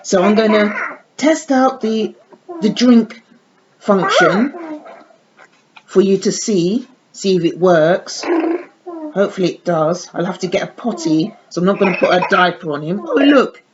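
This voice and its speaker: A woman's voice: medium pitch, big pitch swings, unhurried, pauses often. Lady unboxing a baby doll, coos baby talk at it, muffled lo-fi sound, noisy background. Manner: coos in sing-song baby talk to dolls. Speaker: doll collector vlogger. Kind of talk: casual unboxing chat. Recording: dull lo-fi audio with clear background noise.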